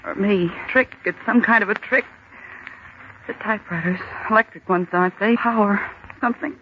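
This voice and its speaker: A woman's voice: medium pitch, normal speed, noisy background, close to an everyday voice. An actress in a 1940s-style radio drama playing a level-headed young woman who reasons aloud and gives clipped, insistent commands to fight off panic. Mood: shaken. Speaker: office worker trapped at night. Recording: dull old radio recording.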